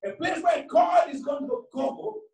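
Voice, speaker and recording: Male preacher, high lively voice, unhurried fervent delivery, echoey room heard from afar. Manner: impassioned, calls for congregation responses. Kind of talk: sermon. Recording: echoey hall from far off.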